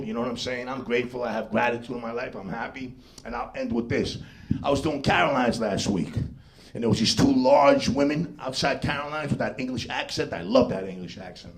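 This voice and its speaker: A man's voice: mid-range voice, creaky. A man doing a brash, profane live stand-up set in a comedy club. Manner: brash, profane street-talk delivery with put-on voices. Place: comedy club stage with laughing audience.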